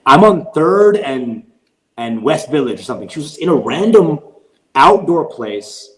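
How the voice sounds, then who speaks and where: A man's voice: fairly high pitch, moderate pace, echoey room, rough recording. A man, a comedian, casually telling a rambling, profane story in a podcast conversation. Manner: rambling, profane, animated retelling. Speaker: guest comedian.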